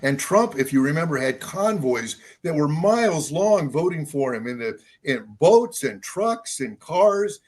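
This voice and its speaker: A man's voice: fairly high pitch, big pitch swings, a little slow, few pauses. An older man, a local party chair, speaking as a guest on a political talk show in an insistent, repetitive way. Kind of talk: political interview.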